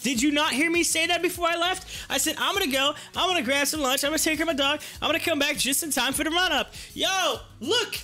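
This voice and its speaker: High-pitched excitable man hosting a stream. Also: fast talker, few pauses, soft background music. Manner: excitable, laughs often, hypes the crowd. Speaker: livestream host. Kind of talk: casual live stock-trading stream chat.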